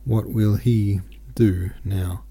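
Male audiobook reader, low gravelly voice, dark tone, gentle and steady. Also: slow pace. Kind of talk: novel read aloud.

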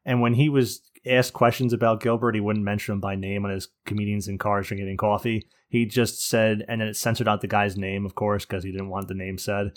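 Sarcastic guy hosting a game podcast, kinda low voice, swears constantly. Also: little pitch movement, brisk, hardly any pauses. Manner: crude, sardonic, swears a lot. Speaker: podcast host. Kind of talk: casual gaming podcast chat.

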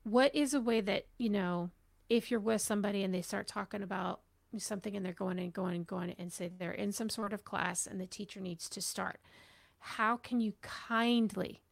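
A woman's voice: medium pitch, fairly even intonation, moderate pace, gravelly. A woman talking casually, explaining things with personal examples as she shares her views. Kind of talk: casual conversation.

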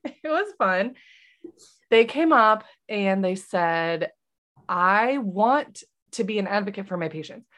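A woman's voice: mid-range voice, slow. A woman in her thirties co-hosting a podcast, chatting casually and acting out the voices of people in her story. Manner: animated, acts out quoted voices. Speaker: podcast co-host, nurse.

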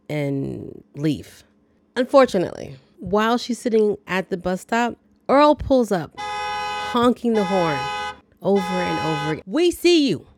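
A woman hosting a podcast chats through a movie recap with wry, dry jokes. Her voice is on the low side for a woman. The sound is dry and close, with no room echo. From lives in the American South. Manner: chatty, wry, dryly joking. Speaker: podcast host.

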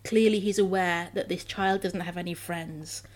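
A woman's voice: on the low side, steady tone, moderate pace. A woman in a casual book discussion, talking in a thoughtful, emphatic way.

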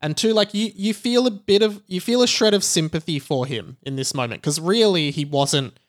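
A man appearing as a podcast guest, his voice a bit higher than most men's. He talks earnestly and stumbles on his words now and then. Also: moderate pace. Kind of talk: casual chat.

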